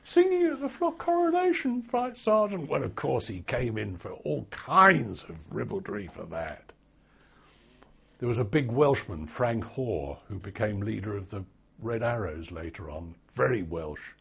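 An older man recalling his past in an oral history interview, telling it in a slow, wry storytelling way. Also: on the low side, animated, gravelly, a bit bright, husky, lo-fi sound.

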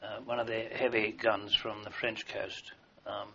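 A man's voice: lowish voice, flat delivery, unhurried, pushed and bright. An older man, an army veteran, telling long wartime anecdotes in a rambling way with fillers and restarts, in a dull lo-fi recording. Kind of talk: oral history recollection.

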